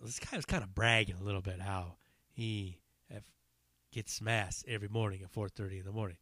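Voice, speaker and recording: A man rambling through a story on his solo podcast, loose and profane, circling back and restarting his sentences as he goes. His voice is bright and forward, and the sound is dry and close with no room around it. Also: on the low side, fairly even intonation, fairly quick, no room sound. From Northern California. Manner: loose, profane, digressive, with many fillers and restarts. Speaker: podcast host and stand-up comic.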